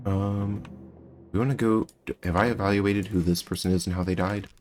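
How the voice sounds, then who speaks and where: A man's voice: sits low, steady tone, fairly quick, a little mellow, soft background music. A man with a General American accent, streaming a game playthrough and thinking aloud as he works through clues. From United States. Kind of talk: live game playthrough commentary.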